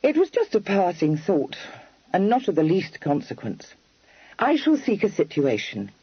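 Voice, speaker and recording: A man's voice: wildly swooping pitch, normal speed, slightly rough, dry recording, muffled recording, heavily acted. A man putting on a spirited, coaxing young lady. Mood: earnest. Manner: high, lilting, prim formal phrasing.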